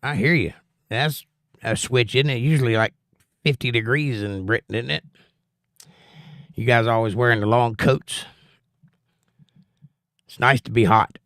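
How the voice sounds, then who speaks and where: A man's voice: medium pitch, a little slow, long pauses, a bit bright, no echo, studio quality. A man with a Southern US accent hosting a livestream, reading viewers' chat messages and giving opinionated, preachy asides in a casual tone.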